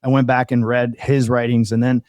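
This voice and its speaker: A man's voice: mid-range voice, flat delivery, normal speed, a little mellow, dry recording. A man from Colombia, a podcast guest, earnestly telling his personal story and quoting others along the way. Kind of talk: personal testimony in casual conversation.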